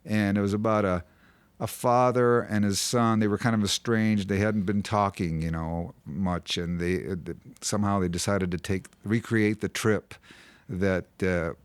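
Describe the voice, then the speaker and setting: A man's voice: on the low side, steady tone, normal speed, clear, resonant tone, no echo. A male singer-songwriter, a guest in a radio studio, singing a ballad and then telling its story in a rambling way full of filler words. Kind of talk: sung ballad with guitar, then chatty storytelling. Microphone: studio microphone. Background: his own guitar.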